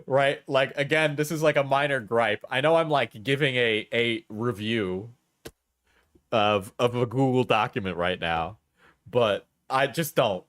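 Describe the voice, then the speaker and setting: A man's voice: medium pitch, a little slow, fairly bright tone. A man streaming casual commentary with sarcastic, laughing asides.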